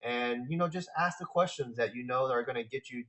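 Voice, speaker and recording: A man hosting a talk, relaxed and casual, answering viewer questions on sales with frequent fillers and restarts. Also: medium pitch, a little fast.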